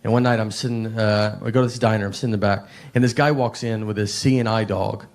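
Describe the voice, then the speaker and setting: A middle-aged man from Tennessee, telling rambling deadpan stories in a stand-up comedy set. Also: on the low side, fast. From Tennessee, USA. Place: comedy stage with live audience. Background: audience laughter.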